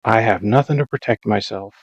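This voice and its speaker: A man's voice: lowish voice, a little fast, husky, no room sound. A man narrating his own gameplay in a rambling, self-mocking, dramatized way, in a casual voice-over. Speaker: Minecraft let's-play narrator.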